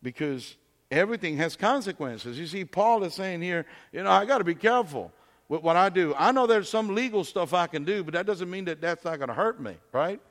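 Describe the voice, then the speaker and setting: A man's voice: high voice, animated, fairly quick. A man preaching a sermon in a conversational way, telling stories and asking rhetorical questions in a church hall. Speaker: pastor. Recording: long hall reverb.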